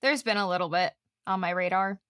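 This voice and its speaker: A woman co-hosting a podcast in casual chat, giggling and chatty with quick asides. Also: lowish voice, a bit bright, no echo. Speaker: podcast co-host.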